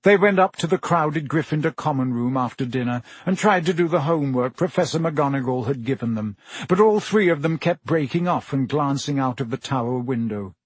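A man reading a fantasy story aloud in an expressive audiobook style. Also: mid-range voice, fairly quick, few pauses, husky, no echo. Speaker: audiobook narrator.

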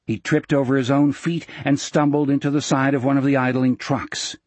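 Husky guy reading a novel, steady pace, dry close mic. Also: mid-range voice, moderate pace, no echo. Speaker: audiobook narrator. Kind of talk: scripted narration.

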